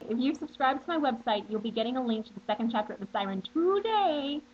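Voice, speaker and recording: A woman's voice: high-pitched, lively intonation, fast, a little mellow, a little hiss or hum. A young woman in her twenties chatting to camera as she answers viewer questions, bubbly and playful, with plenty of asides. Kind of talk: casual chat to camera. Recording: dull lo-fi webcam audio.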